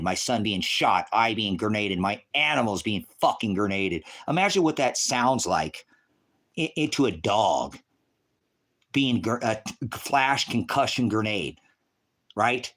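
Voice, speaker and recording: An angry, distraught man ranting profanely on a livestream, at times shouting. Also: lowish voice.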